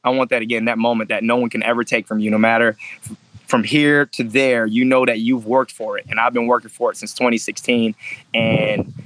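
A man's voice: medium pitch, a bit bright, a little hiss or hum, low-quality recording. A man who fights professionally, telling stories in a casual interview with intensity and freely dropped swear words. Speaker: MMA fighter, interview guest.

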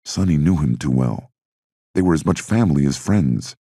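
A man reading an audiobook in a steady, measured narration. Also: rumbling low, no room sound, clean studio sound.

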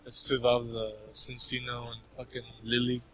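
Man, husky voice, casual joking chat, rambling explanations, lo-fi audio. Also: mid-range voice, monotone, normal speed. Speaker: friend on call. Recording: lo-fi audio with faint game music.

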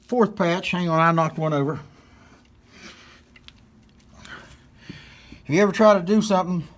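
A man from West Virginia with a West Virginia accent, folksy and rambling with many fillers as he walks through a hands-on how-to demonstration. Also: a little high. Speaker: hunting channel host.

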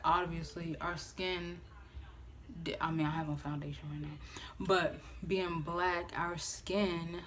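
A woman in her twenties telling a personal story on a phone-camera vlog, casual and animated, swearing freely and acting out what others said. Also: lowish voice, slight background noise. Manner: animated, profane, acts out quoted voices. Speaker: vlogger.

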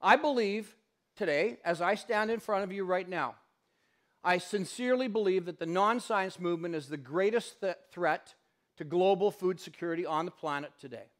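A man's voice: high-pitched, normal speed. A man giving a public lecture in a university hall, telling stories with passion and acting out what people said. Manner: impassioned, animated storyteller who acts out quotes.

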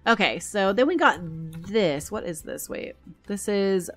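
A woman's voice: mid-range voice, expressive, measured pace, fairly bright tone, faint music behind. A young American woman talking casually as she shows items in a game, gushing over things she likes, with a scratchy throat that keeps catching. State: throat trouble and hiccups. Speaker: gaming YouTuber.

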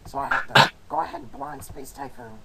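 A woman with a raspy voice, talking trash playfully and excitably while playing a card game, swearing as she goes. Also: rumbling low, brisk, rough recording. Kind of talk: casual trash talk during a card duel.

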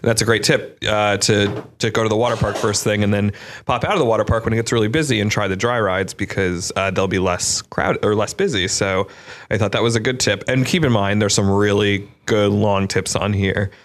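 A man's voice: on the low side, fairly even intonation, brisk. A man co-hosting a casual podcast, earnest as he reads out listener tips. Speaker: podcast co-host. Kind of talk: casual chat.

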